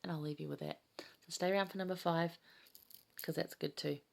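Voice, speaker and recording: A woman's voice: deep voice, steady tone, fairly quick, creaky, a little mellow. A woman in her fifties teaching a casual scripture study, chatty, enthusiastic and heartfelt. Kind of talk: casual gospel study chat.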